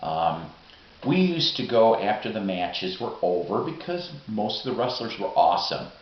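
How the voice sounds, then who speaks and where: A middle-aged man telling rambling, profane, excitable stories in a casual vlog monologue. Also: on the low side, normal speed. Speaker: vlogger. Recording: roomy, dull lo-fi recording.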